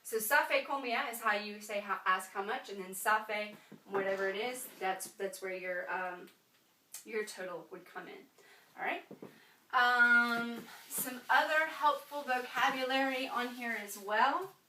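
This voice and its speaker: A woman's voice: a little high, fairly even intonation, unhurried, pushed and bright, far from the mic, a little hiss or hum. A woman teaching a French lesson in a chatty way, with frequent ums and check-ins of "right?". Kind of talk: classroom lesson. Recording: echoey room, voice from afar.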